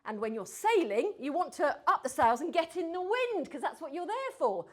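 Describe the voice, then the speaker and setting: A woman giving a lively talk on storytelling to a group, acting out her stories and sometimes dropping to a whisper for suspense. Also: high-pitched, moderate pace. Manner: animated, mimics accents, drops to whispers for suspense. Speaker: speaker on storytelling.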